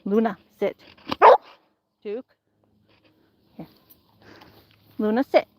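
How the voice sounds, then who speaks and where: A woman's voice: medium pitch, steady tone, extremely slow, mellow, dry recording. A woman vlogging outdoors near woods, playfully giving commands to dogs. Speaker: vlogger, dogsitter. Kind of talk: casual vlog talk to dogs.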